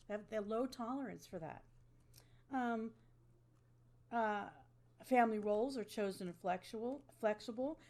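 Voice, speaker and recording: A woman with a mid-range, somewhat dark voice teaches an online lecture to her webcam. She keeps things conversational and frequently checks in with "okay?".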